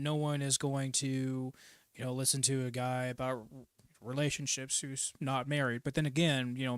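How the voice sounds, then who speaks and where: A man's voice: mid-range voice, a bit bright, smooth, no room sound, studio quality. A man co-hosting a casual chat, blunt and given to stammering restarts. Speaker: podcast co-host.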